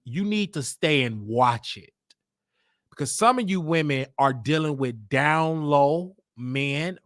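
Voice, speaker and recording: A man's voice: fairly high pitch, no echo, studio quality. A man hosting a talk show, lecturing his audience directly and preachily. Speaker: show host.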